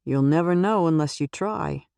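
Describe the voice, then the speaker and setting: Woman reading as a calm older nun. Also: low-pitched, normal speed, gravelly, clean tone, no room sound. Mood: gentle. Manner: calm, gently probing questions.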